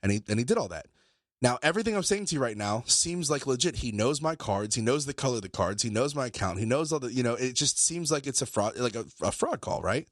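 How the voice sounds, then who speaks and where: A man, a podcast co-host, telling a story in casual talk, animated and swearing, acting out both sides of phone calls. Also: mid-range voice, fast, no echo, studio quality.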